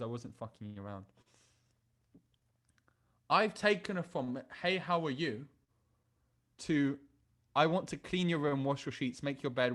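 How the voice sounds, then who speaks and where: A man's voice: mid-range voice, fairly bright tone. Blunt, crude male dating coach. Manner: blunt and crude, with frequent restarts. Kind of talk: online masterclass talk.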